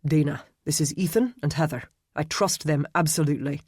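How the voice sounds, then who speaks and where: A man's voice: on the high side, brisk, a little mellow, husky, no room sound, clean studio sound. Grim protective immortal guy, read by a man, curt and bossy, audiobook. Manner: curt, commanding.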